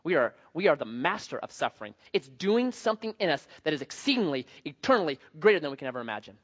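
A male pastor preaching a sermon in an animated, joking, conversational manner. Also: a little high, fast, dull audio.

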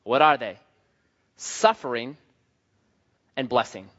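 A man preaching a sermon, opening with a scripture reading and a prayer, then telling a lively story about his young son and acting out the child's voice. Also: slow, in a large hall, dull audio. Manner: animated storyteller, acts out a child's high voice in quotes. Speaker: pastor.

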